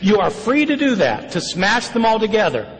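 A male lecturer with a high voice that swings widely as he presses his points. He speaks emphatically and asks question after question, sometimes rushing ahead. The sound rings with the long reverb of a large hall. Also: big pitch swings. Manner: emphatic, questioning, fast bursts. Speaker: lecturer on the New Testament. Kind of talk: public lecture.

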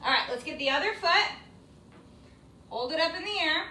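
A woman's voice: extremely high pitch, animated, normal speed, noisy background. A woman teaching a yoga class for young children in a sing-song, encouraging, playful way. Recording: echoey room, mic at a distance.

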